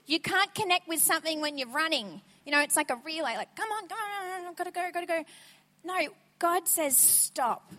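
A woman preaching an energetic, conversational sermon at church. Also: high voice. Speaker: guest preacher. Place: church sanctuary. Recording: church sanctuary with long reverb.

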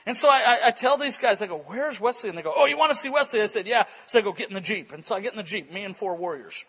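A man with a high, bright voice preaches to a conference crowd. His tone is a little husky, and he tells animated stories, acting out what people said and laughing along. He sounds sharp and forceful, never flat. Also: fast talker. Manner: animated storytelling, acts out quotes, laughs often. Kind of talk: energetic conference sermon with stories. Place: church conference hall.

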